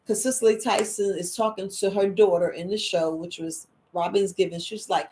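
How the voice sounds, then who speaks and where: A middle-aged woman, hosting a wellness podcast in a lively, emphatic monologue. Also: normal speed. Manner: lively and emphatic, with quoted voices and sudden high exclamations. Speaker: herbalist and podcast host. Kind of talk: casual spoken monologue.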